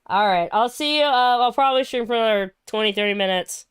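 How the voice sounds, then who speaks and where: A woman from Saint Louis hosting a casual livestream, chatty and quick to laugh and cheer, on a close home mic. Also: fairly high pitch, smooth, no room sound. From Saint Louis, USA. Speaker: livestream host.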